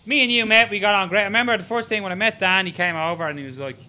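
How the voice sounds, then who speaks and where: Irish guy hosting a podcast, bright sharp voice, kinda high, laughs through his stories. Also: rapid-fire. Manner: laughing, storytelling, hesitant fillers. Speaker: podcast host. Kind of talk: casual chat.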